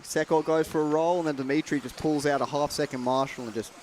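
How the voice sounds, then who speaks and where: A man's voice: on the high side, fairly even intonation, fast, darkish tone, slight background noise. A man giving live race commentary, reeling off positions with dry, teasing humor.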